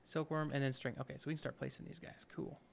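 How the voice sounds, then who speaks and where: A man's voice: mid-range voice, little pitch movement, fast talker, vocal fry, a little hiss or hum. A man hosting a let's play, giving upbeat, chatty gameplay commentary and thinking aloud as he goes.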